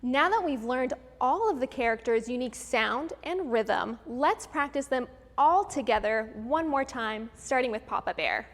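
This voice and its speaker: A woman hosting a live virtual music lesson for children, explaining each idea clearly and step by step in an upbeat teacher's manner. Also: sits high, animated, measured pace, few pauses. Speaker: host of a children's music program. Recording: long room reverb with faint background noise.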